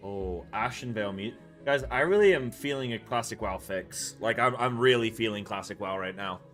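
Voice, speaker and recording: A man's voice: lowish voice, moderate pace, soft background music. A man streaming a game, out of breath, chatting casually with viewers and exclaiming at what happens on screen. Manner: excitable, exclaims at the game, talks to chat. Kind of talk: casual live-stream chat while gaming.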